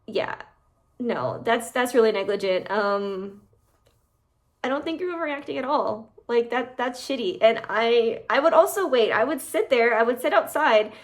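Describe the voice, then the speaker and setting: A woman reading online posts aloud and reacting to them in casual, animated commentary as a channel host. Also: on the high side, moderate pace.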